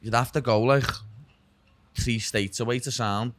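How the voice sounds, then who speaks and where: A man's voice: mid-range voice, fairly even intonation, unhurried, no echo. A young man from Liverpool with a Scouse accent, chatting as a podcast guest, dropping "lad" and "know what I mean" constantly. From Liverpool, England. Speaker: guest, UFC fighter. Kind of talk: casual chat.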